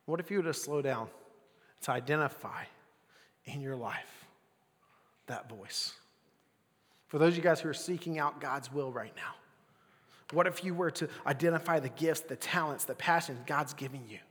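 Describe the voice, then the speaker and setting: A young adult man preaching a casual sermon as pastor, swinging between loud bursts and near-whispers. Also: fairly high pitch, normal speed, long pauses, in a large hall.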